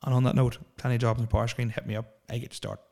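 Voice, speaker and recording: A man's voice: mid-range voice, little pitch movement, very fast, darkish tone. A man, hosting a solo podcast and ranting in a profane, opinionated, rambling way. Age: 30s. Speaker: podcast host.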